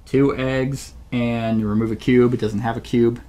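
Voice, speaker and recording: A man's voice: medium pitch, little pitch movement, unhurried, warm tone. A man hosting a solo board game playthrough, thinking aloud and often searching for the right word mid-sentence. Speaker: channel host playing a board game solo.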